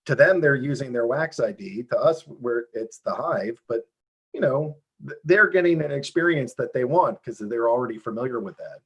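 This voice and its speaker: A man being interviewed over a video call, explaining how his game works in a lively, fast, self-interrupting way. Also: mid-range voice, slightly rough. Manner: animated, talks fast with many restarts and fillers. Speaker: game developer guest.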